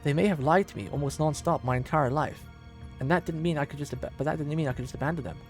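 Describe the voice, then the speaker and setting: A man's voice: on the high side, quick pace, faint music behind, lightly acted. A man voicing an earnest, stubborn young fairy woman who talks in a pleading way.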